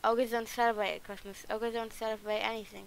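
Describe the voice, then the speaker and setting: Woman reading grumpy ogre guy lines, pretty high smooth voice, flat delivery, keeps restarting. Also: rough recording. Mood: grumbling. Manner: halting, flat read-through with restarts. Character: grumpy male ogre, gruff and reluctant.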